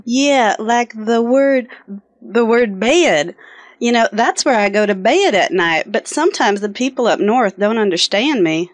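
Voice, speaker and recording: A woman's voice: on the high side, animated, measured pace, no room sound. A woman from Texas with a Texan accent, talking casually and stretching her words. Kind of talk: casual monologue.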